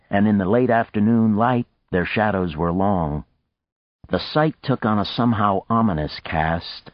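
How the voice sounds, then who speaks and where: A man narrating an audiobook in a measured, expressive way, in a dry, dull lo-fi recording. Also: deep voice, no room sound.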